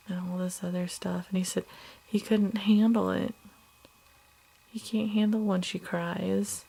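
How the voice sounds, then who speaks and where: Upset woman, slow and halting, gravelly voice, sinks to whispers sometimes, talking in a home video diary. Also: medium pitch, level tone, warm tone. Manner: halting, hesitant, many fillers and restarts; subdued, drops at times to a whisper. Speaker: mother of two young children.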